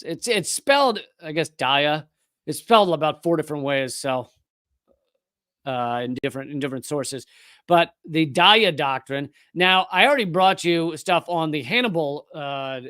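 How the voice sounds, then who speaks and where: A male live-stream host talking through political commentary with a sarcastic, mocking edge. His voice sits high for a man and sounds smooth and clear. The sound is dry and close, with no room echo. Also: a bit bright.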